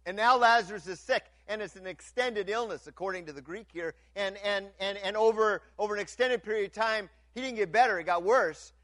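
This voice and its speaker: Preaching a little fast with few pauses, a high-voiced pastor addresses his congregation in a recording without echo. He trips over repeated words as he restarts and swings between loud, soaring passages and almost whispered lines.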